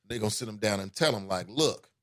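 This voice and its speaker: A man hosting a call-in talk show, giving casual commentary with an animated delivery that swings from loud emphasis to low asides. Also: rapid-fire, dry recording, clean studio sound.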